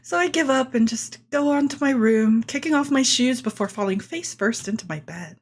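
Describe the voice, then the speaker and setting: A woman reading the narration of a quiet, wry teenage boy in a game. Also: on the high side, expressive, normal speed. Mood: reflective.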